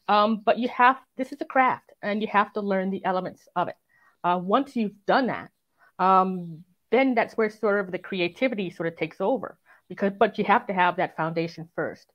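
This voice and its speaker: A woman who is a crime writer, speaking as an interview guest, reflective and earnest, often filling pauses with "um" and "sort of". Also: medium pitch, fairly bright tone, muffled recording. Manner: reflective and earnest, many fillers and "sort of" hedges. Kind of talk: conversational interview.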